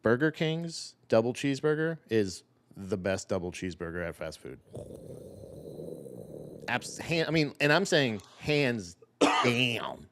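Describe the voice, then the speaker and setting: A man's voice: mid-range voice, a little slow, pauses often, slight background noise. A young man co-hosting a podcast, telling stories animatedly, acting out quotes, and swearing casually. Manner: animated storyteller, acts out quotes, profane. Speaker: podcast co-host. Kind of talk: casual chat.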